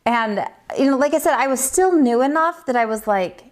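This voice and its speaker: Her voice sits high and animated at a moderate pace as she, a middle-aged US metalsmithing teacher, hosts a livestream. She chats casually with viewers while teaching, tired-sounding but laughing often.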